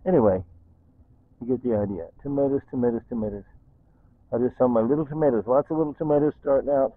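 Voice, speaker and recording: An older man vlogging casually at home, excitedly showing his tomato plants and repeating exclamations, filmed on a camera held close. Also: medium pitch, slightly rough. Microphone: phone camera held close. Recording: dry tinny phone-like audio.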